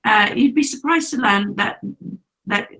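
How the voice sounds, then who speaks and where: A woman's voice: on the high side, measured pace, pushed and bright. A British woman talking casually on a video call, hesitant and full of restarts, laughing often. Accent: British English. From United Kingdom. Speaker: guest.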